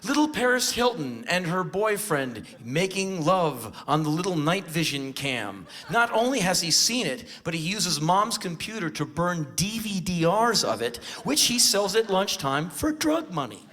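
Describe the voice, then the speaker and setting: Man in his 40s, from the US, live stage rant, sardonic, tense bright voice, handheld mic. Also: high-pitched, big pitch swings, a little slow, hardly any pauses. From United States. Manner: ranting, sardonic, bursts into shouted impressions. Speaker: spoken word performer. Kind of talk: live spoken word comedy. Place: live stage before an audience.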